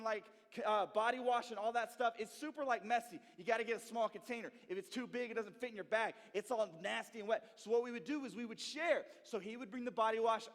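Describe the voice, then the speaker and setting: A young man who interns at a church, telling a story to a youth group in an animated way and often checking in with "okay?" and "right?". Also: very high voice. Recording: long reverb in a hall.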